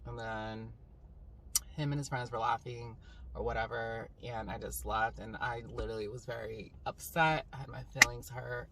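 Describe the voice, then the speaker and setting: A young woman telling a story to camera in a casual, rambling vlog style, full of "like" and "um". She tells it in an animated, dramatic way. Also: rumbling low, moderate pace. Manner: rambling, filler-heavy, with 'like' and 'um'. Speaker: vlogger. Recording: slightly distant mic, faint background hum.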